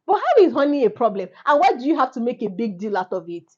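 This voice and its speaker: A woman's voice: fairly high pitch, quick pace. A Nigerian woman co-hosting a podcast, telling stories animatedly in casual chat. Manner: animated storyteller with laughs. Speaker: podcast co-host. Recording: dull lo-fi sound.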